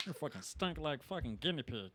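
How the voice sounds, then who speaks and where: A man imitating a crude, gruff middle-aged male cartoon neighbor who yells insults. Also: a little high, big pitch swings, a little fast, over a noisy crowd. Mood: irritated. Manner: gruff and yelling.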